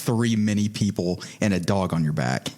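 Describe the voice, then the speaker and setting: A man's voice: low-pitched, moderate pace, darkish tone. A man narrating as game master of a tabletop game, often breaking into laughter.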